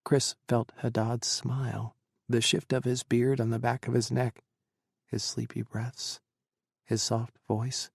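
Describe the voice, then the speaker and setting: A man narrating an audiobook in an even, measured reading. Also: medium pitch, gravelly, breathy edge, dry recording, studio quality. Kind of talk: scripted narration.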